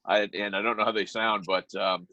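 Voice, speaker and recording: A man's voice: lowish voice, flat delivery, fairly quick, pushed and bright, dry recording, muffled recording. A man from Halifax, hosting a casual chat and asking rambling, fan-style questions. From Halifax, Canada. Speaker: podcast host. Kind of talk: casual interview.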